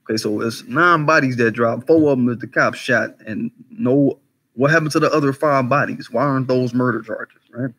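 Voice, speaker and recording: Profane, animated male livestream commentator. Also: medium pitch, normal speed. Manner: animated, conversational, profane, rhetorical questions; greets live chat viewers by name mid-talk. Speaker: commentary channel host.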